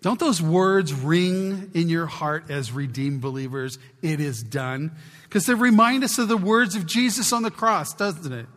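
Slow-preaching pastor man in a echoing church. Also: on the high side, expressive. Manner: exhorting, swings from loud to hushed. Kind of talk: sermon. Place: church sanctuary. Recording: long church reverb.

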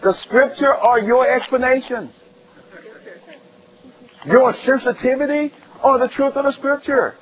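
A man preaching a sermon, telling stories with animated ups and downs in his delivery. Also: a little slow, long pauses, phone-quality sound. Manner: animated storytelling, rising high and loud when excited.

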